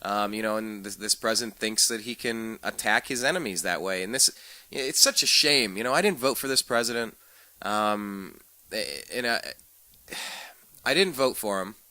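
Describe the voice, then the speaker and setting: A man hosting a political talk show, opinionated and ranting, with many quick restarts. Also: fairly low pitch, sharp tone, dry recording.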